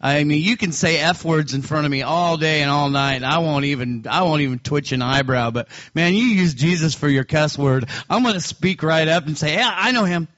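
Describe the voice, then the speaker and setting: A man's voice: on the high side, normal speed, few pauses, fairly bright tone. A man chatting casually about faith, blunt and joking in a plainspoken way. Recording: dry dull lo-fi recording.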